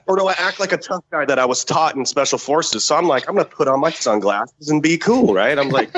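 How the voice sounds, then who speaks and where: A former special forces soldier, guesting on a podcast, tells a story in casual, profane, animated talk and acts out the quotes. His voice is a little high and fairly quick, and the audio is poor.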